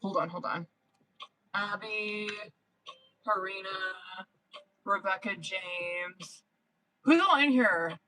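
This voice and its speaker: Profane, excitable woman reading tarot live. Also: medium pitch, takes it slowly, long pauses, poor audio. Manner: profane, excitable, laughs often; slangy, chatty, addresses viewers as girl and boo. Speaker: tarot reader. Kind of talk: casual live-stream reading.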